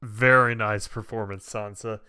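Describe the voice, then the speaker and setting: Brief: male reaction host, bright clear voice, unhurried, dry close mic. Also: lowish voice, steady tone, dry recording. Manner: thinks aloud with many restarts, easygoing. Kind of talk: casual reaction commentary.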